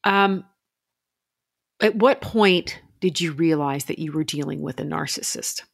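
A woman's voice: low-pitched, a little slow, vocal fry, no room sound, clean studio sound. A woman hosting an interview, affirming and empathetic as she asks questions. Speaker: host. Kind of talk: interview podcast.

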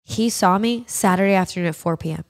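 A woman's voice: on the low side, fast. A woman co-hosting a casual chat podcast, telling stories with lots of laughter and casual swearing. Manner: animated storyteller, laughs often, swears casually. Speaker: podcast co-host.

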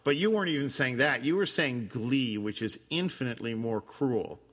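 Lively, laughing man, bright voice. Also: mid-range voice, moderate pace, long reverb tail. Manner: animated, laughs often, teasing. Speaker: podcast co-host. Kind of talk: casual film discussion.

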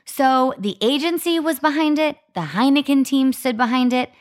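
A woman's voice: high-pitched, normal speed. A woman in her thirties co-hosting a podcast, telling a story in casual chat with lots of "like" fillers. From Arizona, US. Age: 30s. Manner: chatty, lots of "like" fillers, animated retelling. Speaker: podcast co-host.

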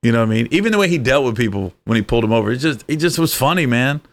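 A middle-aged man telling lively, profane stories in a casual podcast chat, jumping his pitch up for quoted voices. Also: racing. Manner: animated storyteller, swearing, jumps high for quoted voices. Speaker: podcast co-host.

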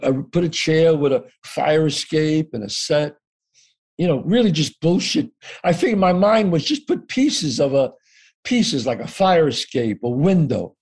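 A man's voice: a little high, lively intonation, a little slow, a little mellow, husky. A man telling a story as an interview guest, acting out the dialogue and swearing casually.

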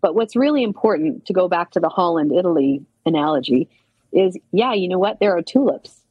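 Husky-voiced chatty woman guest. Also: fairly low pitch, fairly quick, dry recording, lo-fi sound. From Canada. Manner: chatty, animated storytelling with many asides. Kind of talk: casual chat.

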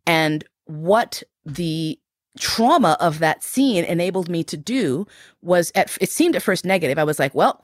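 A woman with a slightly low voice speaks candidly as an interview guest, reflective and frank. She grows animated as she retells events. The sound is dry and close, with no room around it. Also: dry recording. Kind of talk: candid personal storytelling.

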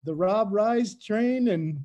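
A middle-aged man with a fairly high voice, speaking as an evangelist guest. He tells his stories with energy and emphasis, and his talk is casual and full of slang. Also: slow pace, warm tone, lo-fi sound, slight background noise. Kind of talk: casual faith conversation.

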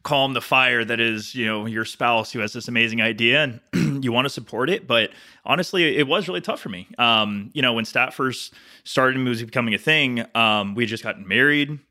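A man co-hosting a podcast, talking casually in a reflective, measured way with many fillers. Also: mid-range voice, pushed and bright. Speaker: podcast co-host. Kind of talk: casual chat.

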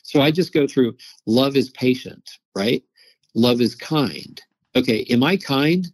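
A middle-aged man, a psychologist and veteran, telling a personal story as an interview guest, animated and often repeating his words. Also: mid-range voice, unhurried, slightly rough, poor audio. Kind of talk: conversational storytelling.

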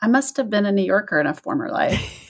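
Expressive woman podcast host from the South. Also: medium pitch, quick pace. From American South. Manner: friendly, reads listener letters aloud, laughs along. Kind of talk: casual chat.

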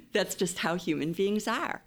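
A woman's voice: medium pitch, big pitch swings, slow pace. A woman counselor giving advice in a casual interview, explaining her points with playful acted-out quotes.

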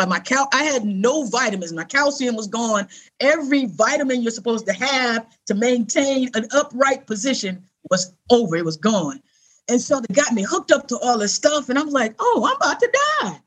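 A middle-aged woman with a slightly high voice tells a personal story as an interview guest. She speaks earnestly and conversationally. She slips into the voices of the people she quotes. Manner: animated, acts out quoted voices.

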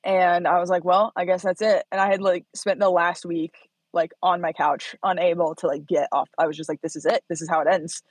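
A woman in her thirties from Indiana, a startup founder telling her story as an interview guest, animated and laughing often as she acts out quotes. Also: lowish voice, fairly quick, husky, no room sound, poor audio.

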